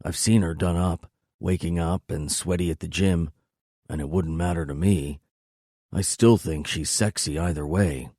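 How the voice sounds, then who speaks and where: Deep-voiced male audiobook narrator. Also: steady tone, warm tone, breathy edge, no echo, studio quality. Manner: low, intimate, measured delivery. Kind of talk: scripted first-person romance narration.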